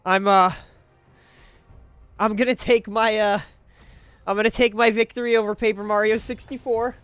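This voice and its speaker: A man's voice: high-pitched, flat delivery, moderate pace, fairly bright tone, clean tone, dry recording. A man streaming a video game, chatting casually to his viewers in a rambling, profane way, often cutting himself off and chuckling.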